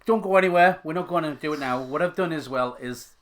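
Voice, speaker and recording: A man's voice: a little high, fast talker. A man hosting a casual live stream, upbeat and teasing his co-host.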